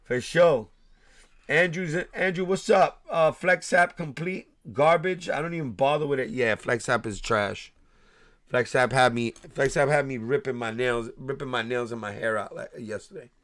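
A man hosting a casual sneaker livestream, heartfelt and restarting his words as he gives viewers shout-outs. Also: medium pitch, moderate pace. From New York.

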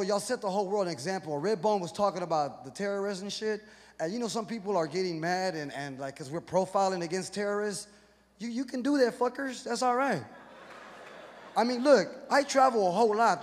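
On a comedy stage in front of a live crowd, a high-pitched man from Houston, Texas, speaks a little fast through a profane, rowdy, punchy stand-up routine. Audience laughter and hall ambience fill the background, and the venue adds long reverb and crowd noise.

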